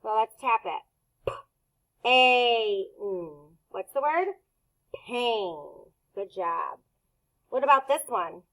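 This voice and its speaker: Woman, phonics teacher, bright clear tone, unhurried, patient sounding-out. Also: on the high side, expressive, low-quality recording. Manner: slow, patient, sounding out words. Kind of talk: phonics lesson for children.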